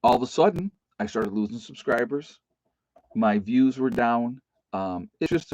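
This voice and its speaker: A man's voice: mid-range voice, expressive, a little slow, darkish tone, no room sound. A middle-aged man hosting a casual livestream, rambling and folksy with lots of fillers. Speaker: livestream host. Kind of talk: casual live-stream chat. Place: rural home. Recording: dull lo-fi stream audio.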